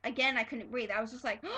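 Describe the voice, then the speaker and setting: A woman excitedly reviewing a TV episode in a casual fan vlog, gushing and stumbling over fillers and restarts. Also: on the high side, background noise.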